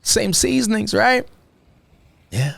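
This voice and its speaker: A man from Jamaica talks in a loose, animated way, his accent thickening into patois phrases. His voice has a gravelly grain. The recording is dry and close, with no room sound. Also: high voice, slow pace, no room sound. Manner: animated, slips into patois phrases, repeats "you know what I mean". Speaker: vlogger. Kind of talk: casual travel chat.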